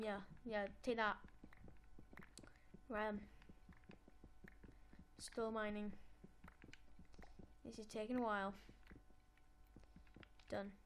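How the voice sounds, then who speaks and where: A woman's voice: a little high, a little hiss or hum. A woman giving chatty let's-play commentary, talking to herself as she builds and playfully gloating at the game. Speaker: gameplay channel host.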